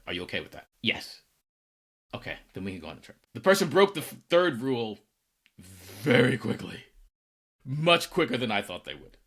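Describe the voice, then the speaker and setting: Animated, bright-voiced male storyteller. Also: mid-range voice, slightly rough. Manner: animated, acts out quoted dialogue. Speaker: podcast co-host. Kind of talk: casual conversational storytelling.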